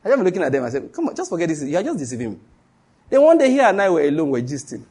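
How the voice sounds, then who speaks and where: A Nigerian male pastor preaching a live-streamed sermon, telling stories and repeating key phrases for emphasis, dropping to a hush and then rising. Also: fairly high pitch, wildly swooping pitch, rapid-fire, husky. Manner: dramatic shifts between hushed and raised voice.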